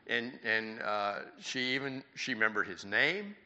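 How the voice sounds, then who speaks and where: Folksy older man preaching, bright voice. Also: mid-range voice, expressive, takes it slowly. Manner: folksy, conversational preaching with rhetorical questions. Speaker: pastor. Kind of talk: sermon. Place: church.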